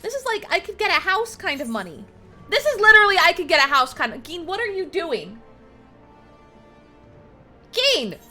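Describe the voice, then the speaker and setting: A woman streaming a video game, chatting excitedly with viewers, squealing and swearing when surprised. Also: very high-pitched, normal speed, long pauses, faint music behind. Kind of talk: casual live-stream chatter while playing.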